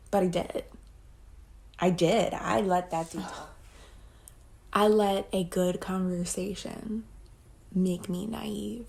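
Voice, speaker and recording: A woman's voice: lowish voice, fairly even intonation, slow pace, gravelly, pauses often, darkish tone. A young adult woman telling a personal story in a casual vlog, blunt and profane, rambling and acting out what people said. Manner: blunt, profane, rambling retelling with quoted dialogue. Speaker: storytime vlogger.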